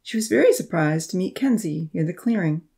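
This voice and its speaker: A woman reading a storybook, low voice. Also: animated, brisk, gravelly, mellow. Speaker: audiobook reader. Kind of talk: storybook narration.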